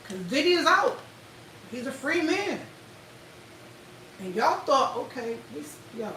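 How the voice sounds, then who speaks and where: Woman livestream host; loud, blunt, profane commentary, recorded off-mic with faint hiss. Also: sits high, a little slow, echoey room, distant mic, rough recording. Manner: loud, animated, blunt and profane, addresses viewers directly.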